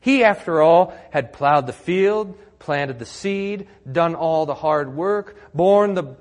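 Animated male pastor preaching in a hall. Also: a little high, slow pace. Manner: animated storytelling with acted-out quotes and laughter. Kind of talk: sermon.

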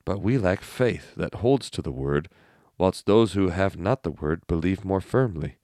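Deep-voiced man reading a sermon. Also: expressive, mellow, no echo, studio quality. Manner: measured, earnest reading. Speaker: reader. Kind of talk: reading aloud an old sermon text.

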